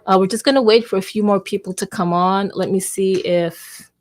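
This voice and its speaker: A woman's voice: medium pitch, fairly even intonation, normal speed. A woman hosting a weekly online community talk, chatting casually and thinking aloud with a self-mocking, rambling manner. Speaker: community space host. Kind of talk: casual livestream chat.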